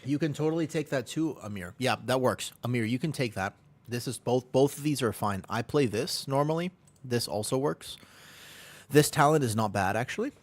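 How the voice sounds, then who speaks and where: A man's voice: mid-range voice, expressive, normal speed. Upbeat Midwestern man streaming games. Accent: American Midwestern. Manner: upbeat, joking, often laughing, chatting with viewers. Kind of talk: casual live-stream chat while gaming.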